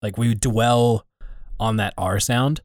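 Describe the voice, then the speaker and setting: A man's voice: fairly low pitch, steady tone, slow pace, no echo, studio quality. A man from Montana co-hosting a podcast, talking casually and often repeating words as he thinks. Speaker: podcast co-host. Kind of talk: casual chat.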